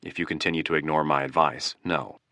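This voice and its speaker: A stern, matter-of-fact Secret Service chief, voiced by a man reading an audiobook. The voice is low and crisp-toned. The sound is dry and close. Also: fairly even intonation, fairly quick, pushed and bright, dry recording, exaggerated voice. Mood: blunt.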